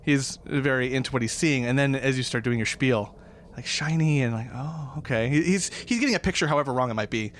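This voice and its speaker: A man's voice: mid-range voice, a little fast, a bit bright. A man narrating a tabletop game as dungeon master, in a loose, rambling way.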